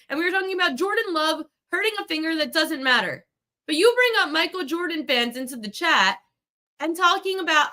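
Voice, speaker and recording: A woman's voice: extremely high pitch, bright, forceful tone. A woman hosting a sports betting podcast, ranting heatedly at a commenter in a live chat. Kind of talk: live-stream betting talk.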